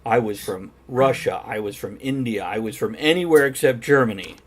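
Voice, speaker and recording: A man's voice: mid-range voice, normal speed, slightly rough. A man hosting a casual pub-style chat show, joking crudely and laughing often. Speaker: podcast host.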